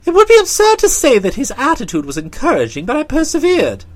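Woman, audiobook narrator, high voice, very lively, comic storytelling. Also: fairly quick, few pauses.

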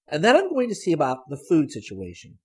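A man voicing a practical, spunky young woman who talks in a lively, decisive, matter-of-fact way. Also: fairly high pitch, brisk, husky, voice pushed up, exaggerated voice. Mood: brisk.

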